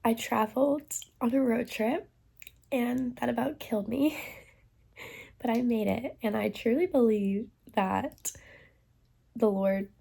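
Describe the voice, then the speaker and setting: A young woman with a husky, mellow voice chats candidly into her phone at arm's length. She sounds stuffy and queasy. Her slightly high voice keeps slipping into gravelly fry. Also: slow pace, long pauses. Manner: candid, chatty, frequent "like" and "um". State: nauseous and congested. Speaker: vlogger. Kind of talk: casual pregnancy vlog. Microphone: phone held at arm's length.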